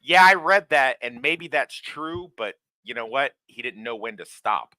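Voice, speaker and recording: A man's voice: medium pitch, animated, unhurried, pushed and bright, no echo. A man co-hosting a casual film podcast, joking bluntly and swearing. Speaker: podcast co-host.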